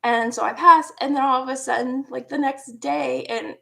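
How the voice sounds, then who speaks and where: A woman around forty casually telling a personal story, animated, laughing often and dropping into hushed asides. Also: high voice, moderate pace, gravelly. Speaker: vlogger.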